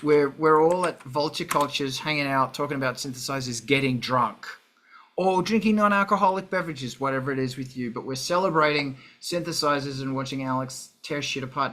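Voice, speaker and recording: A man's voice: on the high side, brisk, sharp tone. Profane rambling Australian man. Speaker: livestream host. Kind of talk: casual live stream chat.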